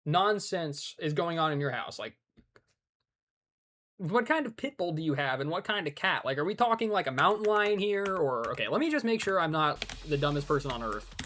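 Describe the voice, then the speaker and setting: A man's voice: high-pitched, expressive, moderate pace, fairly bright tone. A man streaming a hard game live, talking casually with an exasperated, rambling and joking manner.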